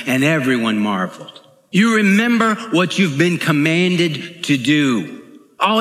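Earnest male preacher with a raised pitch, heard in a reverberant church. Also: fairly bright tone. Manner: earnest, emphatic, repeats phrases. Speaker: pastor. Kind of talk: sermon. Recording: echoey hall.

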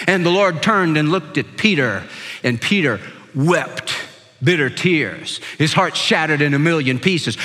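An older male pastor with a high, bright voice delivers an impassioned sermon. He slows down and drops his voice low for the scripture passages. His words carry a long reverb, as if in a large hall. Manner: impassioned preaching, voice dropping low and slow for scripture.

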